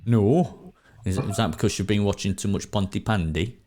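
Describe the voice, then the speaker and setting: Chatty deep-voiced man hosting a stream. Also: moderate pace, dark tone. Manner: chatty, repeats words, frequent restarts. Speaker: podcast host. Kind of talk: casual live-stream chat. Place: at home.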